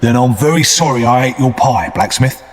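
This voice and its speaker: A man's voice: medium pitch, animated, moderate pace, slight background noise, natural voice. A man voicing a fierce escaped convict, scornful, in a big echoing hall. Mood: earnest. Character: rough escaped male convict, defiant and bitter. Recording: long hall reverb.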